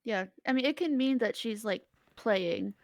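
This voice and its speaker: Giggly young woman with a gravelly voice. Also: a little high, expressive, measured pace, no echo. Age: young adult. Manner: giggly, teasing, talks to her cat. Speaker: player. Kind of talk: casual chat.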